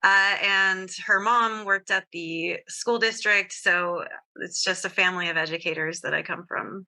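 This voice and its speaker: A woman's voice: lowish voice, fairly even intonation, a little slow, bright, forceful tone, poor audio. A woman guest from Southern California talking candidly in a casual interview, full of fillers and frequent laughs. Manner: candid, giggly, filler-heavy.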